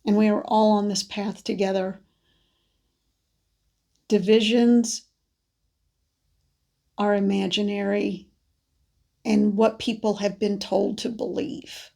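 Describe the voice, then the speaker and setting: Female card reader, mid-pitched, vocal fry, allergy-congested; soft, wandering delivery with pauses. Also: level tone. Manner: gentle, meandering, with many pauses and restarts. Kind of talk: spiritual message monologue.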